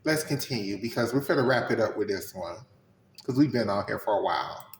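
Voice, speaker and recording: A man commenting with sass and preachy call-outs, his voice bouncing around an echoey room. He ranges from sharp jabs to a low, quiet mutter. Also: expressive, brisk, slight background noise. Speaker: recap commentator. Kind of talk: reaction commentary.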